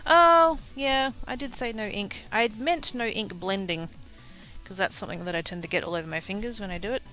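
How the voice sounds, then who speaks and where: A woman's voice: mid-range voice, a little fast, sharp tone, faint music behind, rough recording. An Australian woman streaming her crafting, chatting casually and laughing as she reads the chat. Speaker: crafting livestreamer. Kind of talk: casual chat while stamping.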